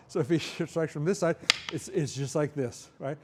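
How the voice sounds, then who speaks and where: Man, middle-aged, martial arts instructor, fairly high voice, demonstrating while explaining. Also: normal speed, very noisy. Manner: talks through moves while demonstrating, frequent "right?" checks. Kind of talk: hands-on seminar instruction.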